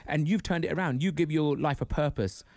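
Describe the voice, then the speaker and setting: Radio host, male, quick rambling questions, fairly high voice, dry studio. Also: darkish tone, dry recording. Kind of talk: radio interview.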